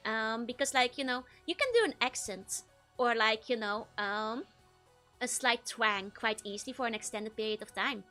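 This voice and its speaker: A woman's voice: a little high, moderate pace, bright, forceful tone, soft background music. A young woman, chatting casually with her stream chat, giggling often and restarting her sentences. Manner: giggly, laughs often between phrases; stammering restarts. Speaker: VTuber streamer.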